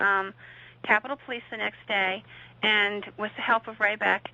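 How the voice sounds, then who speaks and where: A woman's voice: medium pitch, bright, forceful tone, no echo. A woman guest recounting a paranormal investigation in conversation, with vivid, suspenseful storytelling. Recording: dull lo-fi audio.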